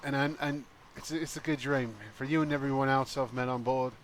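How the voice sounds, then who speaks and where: A man's voice: medium pitch, fairly even intonation, a little fast, a little hiss or hum, natural voice. A man voicing an earnest male pirate who pleads with a friend in a heartfelt speech. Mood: pleading.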